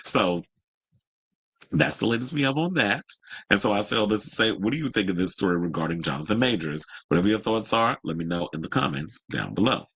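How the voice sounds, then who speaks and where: A man talks through entertainment news in an easy, opinionated way, drifting into asides and filling pauses with "um" and "you know." His voice sits low and has a husky grain to it. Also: lively intonation, a bit bright. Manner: chatty, opinionated, many fillers and asides. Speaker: host. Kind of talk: casual pop-culture commentary.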